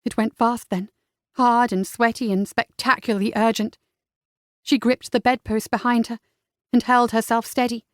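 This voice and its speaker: Woman reading a romance audiobook, highish voice, close dry sound, slow and intimate. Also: little pitch movement, dry recording. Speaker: audiobook narrator. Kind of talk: scripted romance narration.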